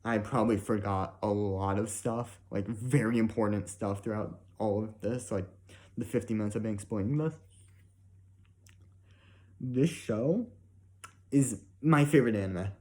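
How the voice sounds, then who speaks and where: A man's voice: lowish voice, steady tone, unhurried, pauses often, mellow. A young man giving a casual, emotional spoken review, rambling with many "like" and "right?" fillers and frequent swearing.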